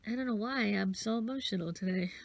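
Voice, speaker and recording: Casual craft vlogger, female, sniffly, gravelly, unhurried, rambling delivery, dry close sound. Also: mid-range voice, no echo. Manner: rambling, self-interrupting, counting beads aloud.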